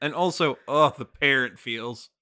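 A woman's voice: a bass voice, measured pace, bright, forceful tone. A woman co-hosting in casual chat, reacting expressively and quoting lines playfully. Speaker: podcast co-host.

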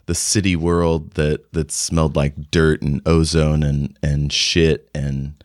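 A man's voice: very deep voice, little pitch movement, slow pace, a little mellow, dry recording, studio quality. A man narrating as game master in a tabletop game, rambling and casual. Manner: rambling, casual, many fillers and restarts.

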